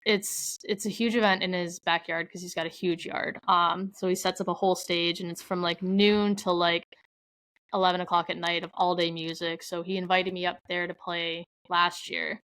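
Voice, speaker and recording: A woman's voice: on the low side, flat delivery, normal speed, a bit bright, smooth, rough recording. A young adult woman from Canada, a podcast guest telling stories in casual, rambling chat, full of "like" and quoted asides. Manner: chatty storyteller, heavy use of "like".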